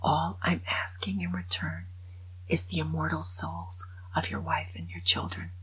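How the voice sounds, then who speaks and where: A woman voicing a sly male devil making a bargain, in a husky, whispery voice. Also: low voice, flat delivery, a little slow, fairly bright tone, heavily acted, rough recording.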